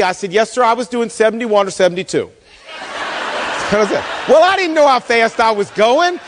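Male pastor, high lively voice, storyteller delivering a sermon in a reverberant hall. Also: unhurried, slight background noise. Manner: storytelling, animated, acts out quoted voices.

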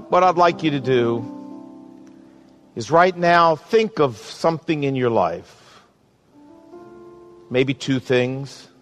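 A man's voice: fairly high pitch, a bit bright. Earnest male pastor preaching. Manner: earnest, pleading, slows for emphasis. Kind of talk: sermon and closing prayer.

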